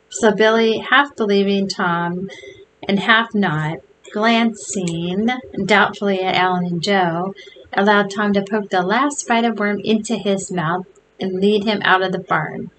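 Slow-reading woman storyteller. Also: medium pitch, steady tone, fairly bright tone, slight background noise, low-quality recording. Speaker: storyteller reading a children's novel aloud. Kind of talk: reading aloud to video viewers.

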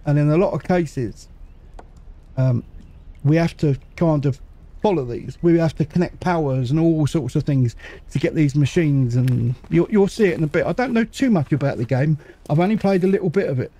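A man casually commentating a game as he plays, muttering to himself and making quick jokes. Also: a little high, dark tone. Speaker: gaming channel host. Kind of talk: casual let's-play commentary.

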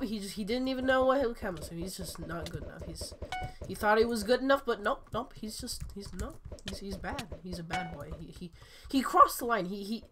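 A woman giving excitable, chatty gameplay commentary while sick, her voice cracking often. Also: mid-range voice, fairly quick, a little hiss or hum. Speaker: gaming channel host.

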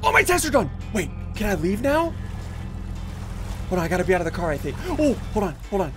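A man hosting excited gameplay commentary, explaining as he plays and often yelling and laughing. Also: high-pitched, fast talker. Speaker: gaming YouTuber host. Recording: music playing underneath.

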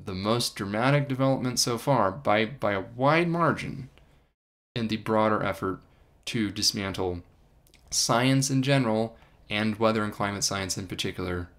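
A man's voice: fairly low pitch, normal speed, a bit bright. A man hosting a livestream, talking earnestly about climate science, stressing his points by repeating them. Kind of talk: livestream commentary. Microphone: livestream microphone.

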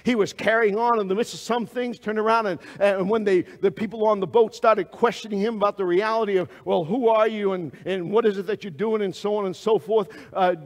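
Male preacher, high voice, dynamic sermon delivery, loud peaks and quiet asides. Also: fairly even intonation, fairly quick, few pauses, long reverb tail. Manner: dynamic preaching that swings between loud exclamations and hushed asides; asks the congregation direct questions.

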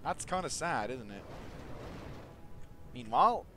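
A man giving casual commentary over a strategy game, talking to his units and swinging from quiet mumbles to excited shouts. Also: medium pitch, unhurried, over music. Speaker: gaming video host.

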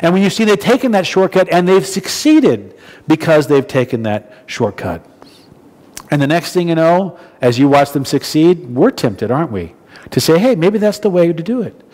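A man's voice: fairly high pitch, big pitch swings, normal speed, a little mellow, in a large hall. A man from New Jersey preaching a sermon, telling a story in a conversational way with frequent restarts. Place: church hall.

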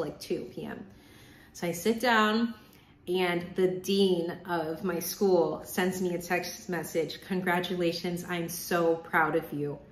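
Chatty young woman in an echoey room. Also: on the low side. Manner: chatty, animated retelling with quoted inner voices. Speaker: vlogger, medical student. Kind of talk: casual storytelling vlog.

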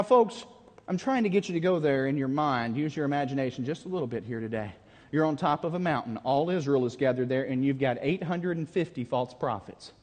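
A man's voice: a little high, a little mellow. A man preaching a camp meeting sermon, dramatic and calling out questions to his listeners. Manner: dramatic, calls out questions to the audience. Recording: long reverb of a large hall.

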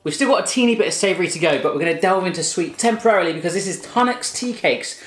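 A man's voice: sits high, lively intonation, fast talker. A man hosting a casual food taste test with his daughter, chatty and jokey. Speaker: cooking channel host tasting food with his daughter. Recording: roomy echo with faint music.

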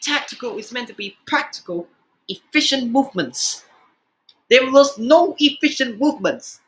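A man giving profane, exasperated reaction commentary, swearing often and jumping in pitch. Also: lively intonation, normal speed, a bit bright, low-quality recording. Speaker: reaction video host.

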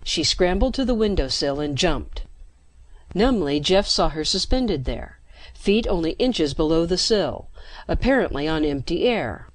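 A woman narrating a science fiction story with steady, dramatic pacing into a close mic. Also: on the low side, a little slow, dry recording. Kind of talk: scripted narration.

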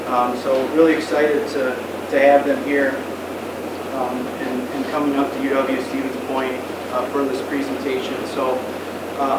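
A man hosting a university colloquium, introducing the speakers with many fillers and restarts. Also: fairly high pitch. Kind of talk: lecture hall introduction. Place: lecture room. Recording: echoey hall from far off, loud air conditioning hum.

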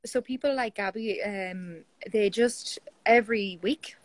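An Irish woman, a guest in a casual interview, telling stories in a lively, chatty way over a video call. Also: medium pitch, unhurried, low-quality recording. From Ireland.

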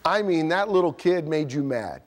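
A man's voice: on the high side, animated, normal speed. A man preaching a sermon as pastor, passionately pressing his points and voicing imagined objections from the congregation. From United States. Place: church sanctuary.

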